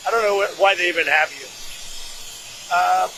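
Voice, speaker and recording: A man's voice: sits high, normal speed, sharp tone, a little hiss or hum, poor audio. A man answering reporters at a press conference, combative and repetitive, cutting questioners off. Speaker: politician taking press questions.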